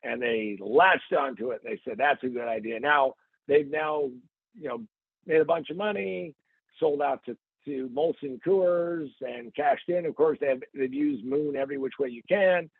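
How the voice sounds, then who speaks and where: A man hosts a podcast in a loose, joking way, telling stories with playful asides. His voice sits a little high, with a gravelly, husky edge. It comes through a tinny, phone-like line with a dry sound. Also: animated, unhurried, no echo. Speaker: podcast host. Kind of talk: casual comic podcast chat.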